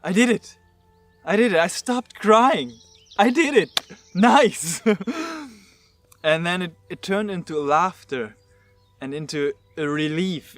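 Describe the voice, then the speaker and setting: Earnest man with a slightly high voice. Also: fairly bright tone. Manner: halting, repeats words, earnest and emotional. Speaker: vlogger. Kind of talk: personal storytelling.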